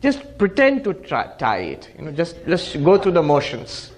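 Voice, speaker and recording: A man voicing a calm, offhand educated gentleman from a village in a spoken story. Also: on the high side, moderate pace. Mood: breezy. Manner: offhand, reassuring.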